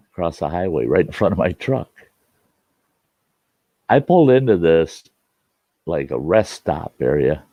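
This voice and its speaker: A man's voice: low voice, no echo, dull audio. A man telling a folksy story in a rambling, casual way, hosting his own show and often restarting his sentences. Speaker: storyteller host.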